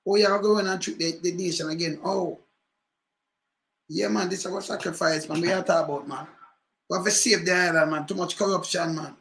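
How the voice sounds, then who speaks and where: A man's voice: high voice, fairly quick, vocal fry, roomy sound. A man with a Jamaican accent, commenting on politics in patois with rhetorical questions. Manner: animated patois ranting, repeated rhetorical questions.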